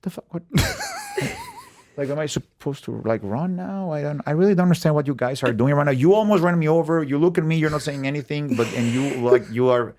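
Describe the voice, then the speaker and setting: A man's voice: on the high side, fairly quick. A man from Mexico with a Mexican Spanish accent, a podcast guest who tells stories in casual chat, acting out quotes and swearing freely. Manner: animated storyteller, acts out quotes, swears freely.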